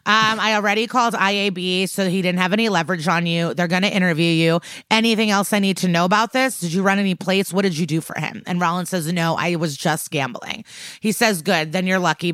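A woman with a slightly low voice chats through a TV episode recap as a podcast co-host. She retells scene after scene briskly and tosses off the characters' quotes in passing. The sound is close and dry. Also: a bit bright, dry recording. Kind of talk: casual chat recap.

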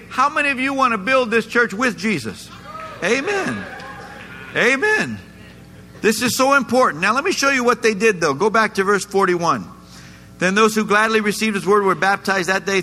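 A man's voice: sits high, lively intonation, normal speed, pushed and bright. A man pastor preaching a sermon in a church, emphatic and repeatedly asking the congregation questions. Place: church sanctuary. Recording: echoey church hall, faint noise.

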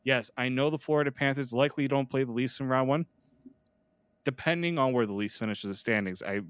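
A man hosts a casual hockey podcast in a chatty, joking manner. His voice comes through smooth and clear, recorded close and dry with no room around it. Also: medium pitch, a little fast, no room sound. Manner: chatty, jokey, self-deprecating. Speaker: podcast host. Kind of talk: casual sports podcast chat.

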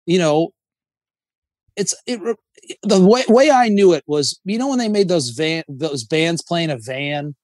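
A man talking as a comedian guest on a podcast, rambling and swearing, breaking into high sung bits. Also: lively intonation, a little slow, darkish tone, dry recording, studio quality. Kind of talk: casual podcast chat.

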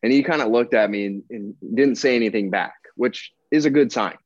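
A young man, a pro ballplayer appearing as a podcast guest, tells a casual story at a fairly quick clip in a medium-pitched voice with no echo. Relaxed and chatty, he imitates the people in it and quotes their exchanges. The sound quality is dull, dry and lo-fi.

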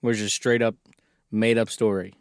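A man's voice: lowish voice, flat delivery, fairly quick, clean tone, no room sound, studio quality. A man co-hosting a casual comedic chat, joking and reading a story aloud. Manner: joking, reads story aloud, laughs often. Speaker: podcast co-host.

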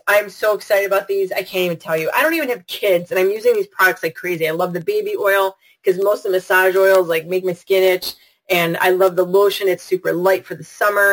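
A woman's voice: fairly low pitch, low-quality recording. Bubbly woman hosting a webinar. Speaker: webinar host. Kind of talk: live online product webinar.

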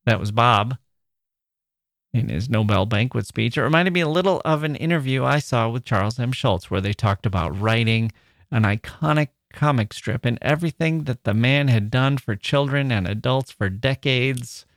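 A man's voice: mid-range voice, expressive, normal speed, fairly bright tone, no echo. Chatty male podcast host, dry sound. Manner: chatty and playful, quoting others with lifted voice. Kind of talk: casual monologue.

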